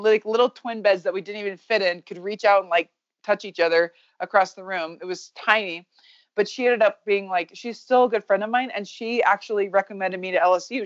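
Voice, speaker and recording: A woman in her thirties speaks with blunt, fast-moving energy and casual swearing, a guest in an open conversation. Her voice sits at a middle pitch. The sound is dry and a little dull, as on a lo-fi recording. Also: fairly even intonation, no echo. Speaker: guest, baseball coach. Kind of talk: candid podcast conversation.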